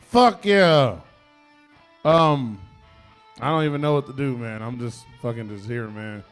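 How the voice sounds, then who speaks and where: A man hosting an open mic night, loose and goofy, swearing and shouting silly bits between comics on a wireless mic. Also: medium pitch, moderate pace, faint music behind. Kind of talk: introducing comics on stage. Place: comedy club stage. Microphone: wireless handheld mic.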